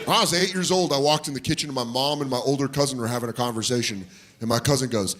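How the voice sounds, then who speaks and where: A man's voice: medium pitch, fast. A man doing stand-up comedy, telling a story and acting out the people in it. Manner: animated, acts out voices of people in his stories. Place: comedy club stage with audience laughter. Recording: live club recording with audience noise.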